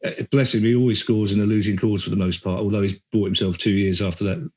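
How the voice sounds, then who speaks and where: Animated man telling football stories. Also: on the low side. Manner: animated storyteller, quick asides, acts out quoted voices. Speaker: podcast guest, comedian and author. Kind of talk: casual chat.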